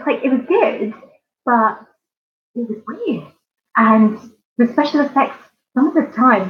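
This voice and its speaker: Her voice sits a little high, and the audio is thin and tinny. She is an art channel host with a southern English accent from near London, chatting casually on a live stream while rambling with plenty of ums and giggles.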